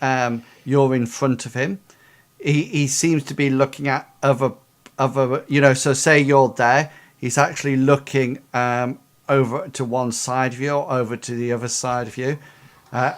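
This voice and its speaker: Guy running a tabletop game, lots of ums and restarts. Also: mid-range voice. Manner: hesitant, many fillers and restarts. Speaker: game master.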